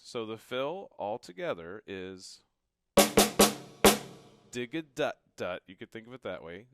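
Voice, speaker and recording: A man teaching a drum lesson, calling out each drum hit loudly and dropping to quieter, casual asides between demonstrations. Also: lowish voice, animated, takes it slowly, pauses often. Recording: loud drum kit and music behind. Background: drum kit playing.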